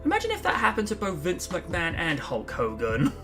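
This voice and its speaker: A man hosting a casual live stream, rambling and laughing, often acting out movie lines in loud mock voices. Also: high-pitched, wildly swooping pitch, fairly quick, faint music behind. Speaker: host.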